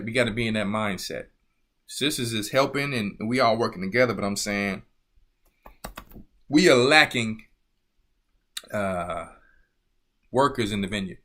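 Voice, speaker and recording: Bright-voiced preaching man, emphatic. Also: mid-range voice. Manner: emphatic, rhetorical questions, scolding. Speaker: church elder. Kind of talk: preaching talk.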